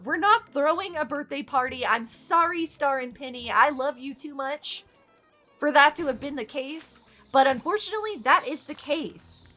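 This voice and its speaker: A woman's voice: sits high, sing-song, measured pace, sharp tone, soft background music. A woman hosting casual gameplay commentary, exasperated, swearing freely and laughing often. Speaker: gaming channel host.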